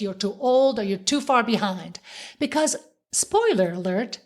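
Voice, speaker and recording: A woman from French-speaking Switzerland with a Swiss French accent, hosting a motivational podcast in a playful, encouraging way and slowing down to stress key words. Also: mid-range voice, expressive, soft background music. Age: middle-aged. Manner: playful and encouraging, with dramatic slowed emphasis. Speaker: podcast host.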